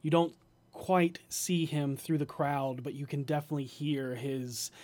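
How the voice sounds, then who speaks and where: Brief: game master, man, slightly high voice, slow, hesitant narration. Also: steady tone, darkish tone.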